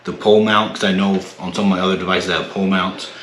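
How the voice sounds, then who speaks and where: A man hosting his own tech channel, unboxing and explaining a device in a relaxed way with many fillers and restarts. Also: sits low, fast, reverberant, a little hiss or hum. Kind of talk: casual product unboxing. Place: home room.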